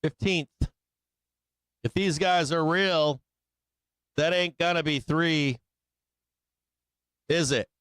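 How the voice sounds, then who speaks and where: A trading-stream host takes it slowly, pausing often as he talks through charts in casual slang and keeps asking tag questions. His voice is a little high for a man, fairly bright, very smooth and resonant. The recording is close and dry, free of room echo.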